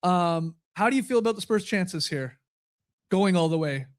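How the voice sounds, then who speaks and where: A man's voice: high voice, lively intonation, moderate pace. A man co-hosting a live basketball podcast who laughs along and asks loose, rambling questions. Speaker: podcast co-host.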